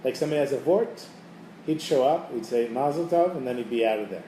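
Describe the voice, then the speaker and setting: A middle-aged man tells stories to a group in a loose, casual way, slipping into the voices of his characters as he goes. His tone is mellow and low in brightness. He is recorded from some distance in a roomy, echoing space with a faint hum behind him. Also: fast talker. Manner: casual, animated storyteller who acts out quoted voices. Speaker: teacher leading a holiday preparation class. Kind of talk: storytelling talk to a group. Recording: echoey room, mic at a distance, faint background noise.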